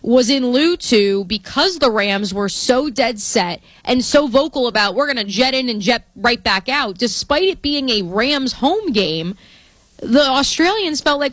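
Woman, sports radio co-host, playful chatty banter, higher voice, dry close mic. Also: animated, unhurried, a bit bright, no echo. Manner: chatty, playful, trying out accents.

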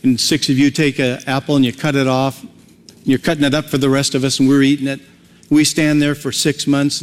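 A man's voice: mid-range voice, long reverb tail. A male pastor preaching a sermon in a folksy, conversational way, with homely everyday examples.

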